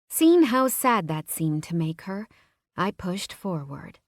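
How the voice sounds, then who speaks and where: A woman's voice: lowish voice, big pitch swings, slow pace, no echo. A woman narrating a romance audiobook in the first person, in an intimate storytelling manner. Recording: dry close-miked audiobook.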